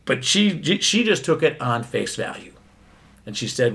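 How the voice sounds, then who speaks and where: Gravelly, husky-voiced man in casual chat. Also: medium pitch, very animated, normal speed, a bit bright. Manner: hesitant, many fillers and restarts.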